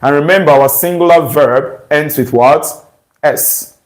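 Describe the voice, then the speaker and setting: A man working through an English exam question as a teacher. His voice sits fairly high and he speaks slowly, in deliberate steps, often stopping to check that listeners follow. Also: rough recording. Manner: slow, deliberate, asks rhetorical checks.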